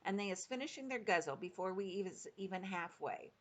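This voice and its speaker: A woman's voice: mid-range voice, expressive, a little fast, natural voice. A woman voicing a kindly big friendly male giant who talks in mangled grammar with made-up words.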